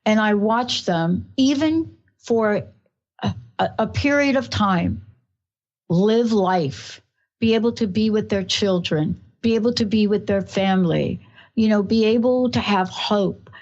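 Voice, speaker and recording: A talk radio host with a New York accent speaks in an effusive, rambling way at a middle pitch. Her emotion keeps spilling into her questions. The broadcast sound is slightly muffled. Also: unhurried, a little mellow.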